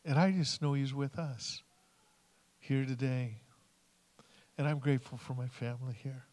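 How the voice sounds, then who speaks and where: A man's voice: mid-range voice, fairly even intonation, measured pace, darkish tone. A man sharing stories in a church service in an earnest way, retelling phone calls and what people said to him. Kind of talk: storytelling sermon. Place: church sanctuary. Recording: long hall reverb.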